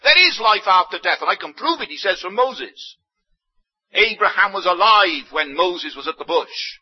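A man preaching a sermon, emphatic, with big swings in pitch and loudness. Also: expressive, normal speed, husky. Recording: dull lo-fi sermon recording.

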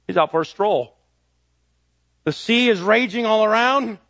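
Male pastor mid-sermon with a high voice; punchy declarations and hushed asides, dull close recording. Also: lively intonation, a little slow, no echo. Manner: emphatic preaching, swinging between ringing declarations and soft low asides.

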